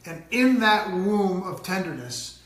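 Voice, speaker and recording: A man's voice: sits high, very animated, takes it slowly, fairly bright tone, reverberant. A middle-aged man co-hosting a casual parenting talk, telling stories animatedly and mimicking voices. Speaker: co-host.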